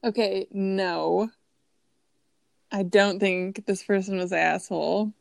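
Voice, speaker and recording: A woman with a mid-pitched, gravelly voice chats casually. She hedges her thoughts with many fillers and pauses. Her voice is close and dry, with no room sound. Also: steady tone, dry recording. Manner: hesitant, full of "like" and "um". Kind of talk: casual chat.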